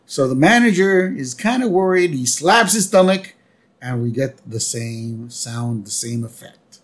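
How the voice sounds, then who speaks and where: A man's voice: mid-range voice, lively intonation, a little slow. A man co-hosting a podcast, casually narrating plot beats of a cartoon episode. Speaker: podcast co-host.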